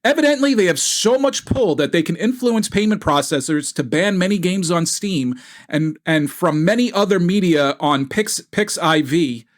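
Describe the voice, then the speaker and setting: A man's voice: high-pitched, lively intonation, normal speed. A man giving an indignant, rambling gaming commentary full of fillers and restarts. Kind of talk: video commentary.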